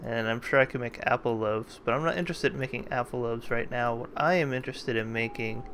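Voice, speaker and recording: A man hosts a let's play, offering casual, jokey commentary and thinking aloud as he plays. His mid-range voice is a bit bright, with slight background noise.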